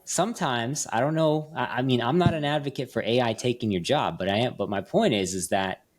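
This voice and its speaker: A man's voice: medium pitch, brisk. A man hosting a podcast, telling stories in a chatty way, with many fillers and restarts. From Las Vegas. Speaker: podcast host. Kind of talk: casual chat.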